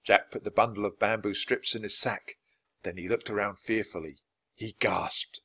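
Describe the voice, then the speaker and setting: A man narrating a children's storybook aloud, expressive and switching voices for each character. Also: lowish voice, normal speed, breathy edge. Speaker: audiobook reader.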